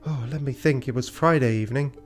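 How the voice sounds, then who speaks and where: A man's voice: mid-range voice, quick pace, faint music behind, pitched above the performer's own voice, close to an everyday voice. A man voicing a naive young female cat heiress with a prim, sing-song manner, his voice raised a little. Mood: sweet.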